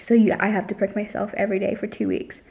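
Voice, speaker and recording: A woman's voice: medium pitch, little pitch movement, fast, creaky, dark tone. Give me a young woman chatting casually to camera, full of "like" and quoted back-and-forth. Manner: chatty, heavy use of "like", retells dialogue. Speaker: vlogger. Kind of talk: casual storytime vlog.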